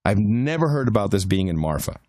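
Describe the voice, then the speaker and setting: A man's voice: on the low side, big pitch swings, fairly quick, darkish tone, no echo, clean studio sound. A man co-hosting a podcast, telling a long travel anecdote in casual chat with frequent restarts and fillers. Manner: rambling anecdotes with many restarts. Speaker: podcast co-host.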